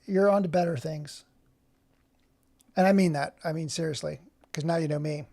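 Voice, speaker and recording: Brief: male streamer, gravelly voice, rambling, keeps cutting himself off mid-thought. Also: on the high side, fairly even intonation, moderate pace, dark tone. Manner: rambling, self-interrupting. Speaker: livestream host. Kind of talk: casual livestream chat.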